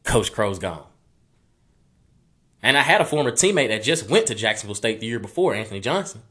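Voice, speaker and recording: A man's voice: fairly low pitch, sing-song, fairly quick, sharp tone, slightly rough. A young man, a former college football player telling his story earnestly and repeating phrases as he goes. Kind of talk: personal storytelling.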